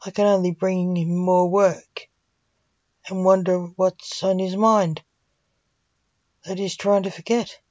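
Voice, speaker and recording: A woman's voice: on the low side, little pitch movement, slow, pauses often, mellow, dry recording. A woman reading the lines of a fretful male assistant, worried and explaining, on a dull recording.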